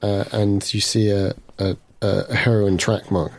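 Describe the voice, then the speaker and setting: A man's voice: fairly low pitch, little pitch movement, measured pace, vocal fry, darkish tone. A man as game master, narrating a horror tabletop game and calling for rolls. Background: background music.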